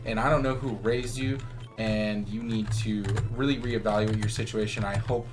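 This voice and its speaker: A man's voice: lowish voice, steady tone, normal speed, music in the background, lightly acted. A man quoting a scolding entitled woman. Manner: lecturing, self-righteous. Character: angry entitled middle-aged woman, scolding.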